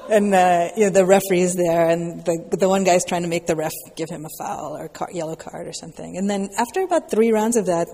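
A woman's voice: lowish voice, a little fast, few pauses, dark tone, big-room sound. A woman giving a casual, reflective dharma talk as a teacher answering questions, with a loose way of speaking full of filler words. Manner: reflective, loose, peppered with "you know" and "like".

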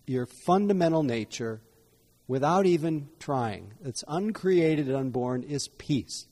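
Giving an evening dharma talk, a meditation teacher speaks slowly and thoughtfully, circling back to restate his ideas in new words. His voice sits at a medium pitch with a dark tone, and a long reverb fills the hall.

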